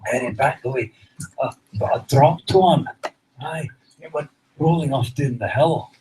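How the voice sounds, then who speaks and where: A man's voice: mid-range voice, unhurried, mellow, a little hiss or hum, poor audio. A man telling a long, rambling stand-up story with dry, self-deprecating understatement. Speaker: comedian.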